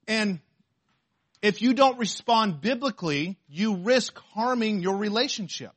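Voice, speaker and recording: A man preaching a sermon to a congregation, reading scripture aloud slowly and asking the listeners questions. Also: high voice, expressive, fairly bright tone, slightly rough. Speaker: pastor.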